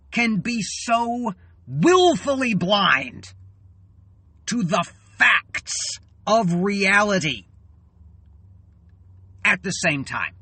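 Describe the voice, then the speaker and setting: A man in an angry, swearing political rant, tired and fuming, halting and then bursting out loud. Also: high voice, slightly rough, no room sound. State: weary and fuming. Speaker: channel host.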